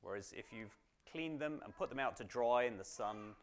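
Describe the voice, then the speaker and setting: A man's voice: mid-range voice, animated, moderate pace, slight background noise. A man teaching a Bible study to a small group in an informal, chatty way, full of "um"s and "right?"s. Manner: chatty, frequent fillers and tag questions.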